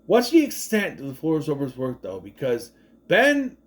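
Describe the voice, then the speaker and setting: A chatty man in his thirties rambles through a casual movie recap. His voice sits a bit high and swings up and down a lot as he acts out lines from the film. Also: huge pitch swings, moderate pace. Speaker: movie reviewer.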